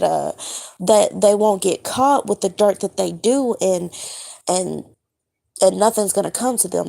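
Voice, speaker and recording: Slow, gravelly woman recounting a dream. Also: mid-range voice, warm tone. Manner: halting, searching for words, many fillers. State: just woken up. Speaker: spiritual vlogger. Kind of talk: casual monologue recounting a dream.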